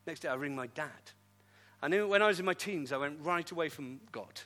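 A middle-aged man, a pastor, telling his story in a sermon with lively, self-deprecating humor. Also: on the high side, fairly quick, soft background music. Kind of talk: testimony sermon.

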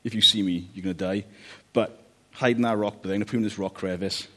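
A man voicing God speaking to Moses in a soft, low, measured way during a sermon. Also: fairly even intonation. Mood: gentle warning.

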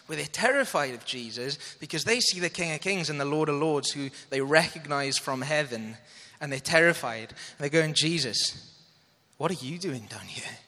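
Bright-voiced man preaching in a hall. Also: a little high. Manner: earnest, asks audience to follow along. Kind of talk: sermon.

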